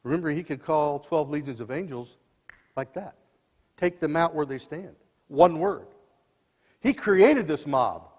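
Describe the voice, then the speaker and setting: A man in his sixties preaching a sermon as dramatic storytelling, swinging between loud and soft passages, in a church sanctuary. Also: a little high, normal speed. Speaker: lay preacher. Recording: long church reverb.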